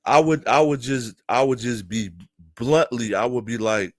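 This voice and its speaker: A man from Philadelphia giving casual, animated opinion commentary to his viewers, laughing often and talking straight to them. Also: mid-range voice, normal speed, no room sound, clean studio sound. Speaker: news commentary streamer.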